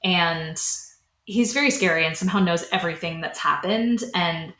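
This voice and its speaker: A woman's voice: on the low side, normal speed, fairly bright tone. A young woman co-hosting a podcast, casually recapping a scary story with lots of "like"s and acted-out lines. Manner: retells a story casually with many "like"s, acting out lines. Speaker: podcast co-host. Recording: echoey room.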